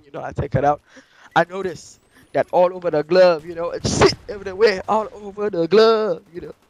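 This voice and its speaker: Male gameplay commentator, high voice; profane, broken-grammar rambler, endless "you know". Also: poor audio. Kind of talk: rambling comic storytelling over gameplay.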